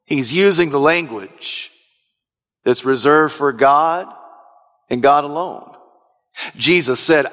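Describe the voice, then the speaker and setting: A male pastor preaching a sermon in a church sanctuary, emphatic and building to shouts on key phrases. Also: a little high, slow, pauses often. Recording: long hall reverb.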